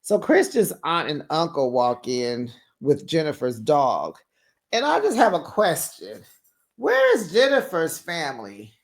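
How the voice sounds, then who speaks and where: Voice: mid-range voice, huge pitch swings, unhurried. A host recapping a reality show in casual gossip commentary, sassy and chatty, laughing often and talking straight to viewers.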